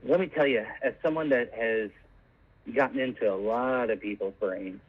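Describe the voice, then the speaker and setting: A man calling in to a comedy show, calmly and deadpan describing absurd things. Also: mid-range voice, normal speed, husky. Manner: calm, deadpan, matter-of-fact about absurd claims. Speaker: caller. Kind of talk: deadpan comedic call-in bit. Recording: tinny phone line.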